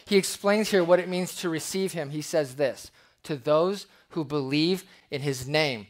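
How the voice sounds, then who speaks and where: Male pastor, fairly high voice, preaching an expository sermon in church, animated, acts out quoted voices. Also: measured pace.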